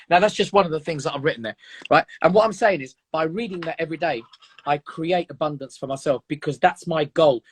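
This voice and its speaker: Earnest husky man, fairly high. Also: fast talker. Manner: earnest, emphatic, repeats words. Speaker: guest. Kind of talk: motivational casual chat.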